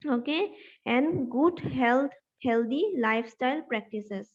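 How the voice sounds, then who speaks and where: High-pitched teacher lady dictating to a class, spelling words out, muffled lo-fi sound. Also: expressive. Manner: dictates notes slowly, spelling words letter by letter; asks the class questions. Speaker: health teacher. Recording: dull lo-fi recording.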